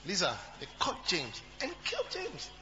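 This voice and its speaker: Male pastor, sermon, chatty and repetitive; higher voice, dull humming recording. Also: wildly swooping pitch, normal speed, sharp tone, faint music behind. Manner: repetitive, talks to the congregation, jokes and asks questions. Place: church.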